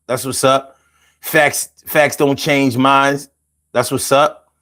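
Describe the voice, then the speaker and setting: Man, call-in host, casual livestream chat, playful, rhythmic delivery, middle-pitched voice. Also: slow. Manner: animated and playful, chants the number rhythmically.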